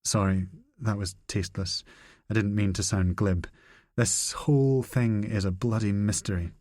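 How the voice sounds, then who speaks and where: Brusque profane spy chief read by a male narrator, low voice, dry close sound. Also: steady tone, normal speed, a little mellow, no room sound, close to an everyday voice.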